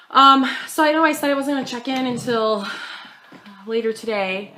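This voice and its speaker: A woman's voice: mid-range voice, normal speed, pushed and bright, a little hiss or hum, poor audio. A young woman chatting casually at home to her camera about her cross-stitch plans, self-deprecating and full of fillers.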